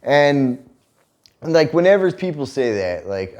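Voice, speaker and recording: A man in his thirties spins a casual story on a couple's vlog. His pitch swings widely as he tells it, with plenty of swearing and laughter mixed in. His voice sits in a middling register for a man. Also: a little slow. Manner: profane, animated retelling with laughter. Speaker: vlog co-host.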